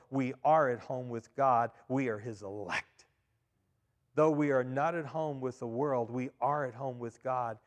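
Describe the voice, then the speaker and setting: A man preaching a sermon as pastor, emphatic, repeating key phrases and swinging between loud and quiet. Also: mid-range voice. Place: church. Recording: long reverb of a church hall.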